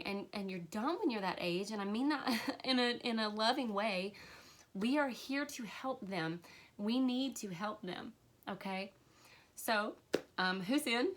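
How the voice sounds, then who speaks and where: A woman with a cold hosting a casual spiritual livestream, earnest and emotional, with fillers and soft laughs. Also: medium pitch. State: has a cold, occasional cough. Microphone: livestream camera mic.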